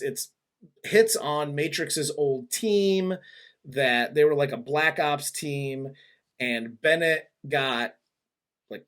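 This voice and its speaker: A man hosting a casual movie review chat, retelling scenes in a rambling, animated way with frequent laughs and swearing. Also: a little high. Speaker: movie review podcast host.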